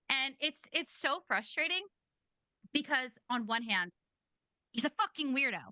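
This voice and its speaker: Bright, blunt woman podcast host. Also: high-pitched, animated, unhurried, long pauses, dry recording. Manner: blunt, swears freely. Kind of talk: casual commentary.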